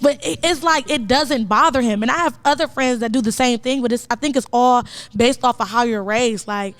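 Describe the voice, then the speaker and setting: A woman's voice: fairly high pitch, brisk. A young woman from Cleveland co-hosting a podcast, chatting casually and telling stories animatedly, often acting out what other people said. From Cleveland, Ohio. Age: young adult. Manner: animated storyteller, acts out quoted voices. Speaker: podcast co-host. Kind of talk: casual chat.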